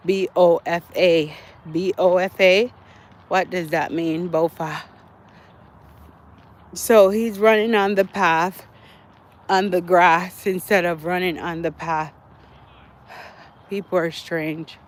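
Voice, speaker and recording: A man's voice: sits high, steady tone, slow, long pauses. A man, out of breath as he walks an outdoor track, chatting to his livestream viewers and repeating himself. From Jamaica. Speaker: livestream host. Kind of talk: casual walking livestream. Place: outdoor walking track near woods at dusk.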